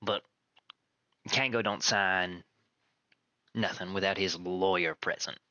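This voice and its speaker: A man's voice: low-pitched, fairly even intonation, takes it slowly, bright, forceful tone, dry recording, lo-fi sound, exaggerated voice. A man voicing a shady male junk merchant who talks in a slick, half-whispered way. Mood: dismissive.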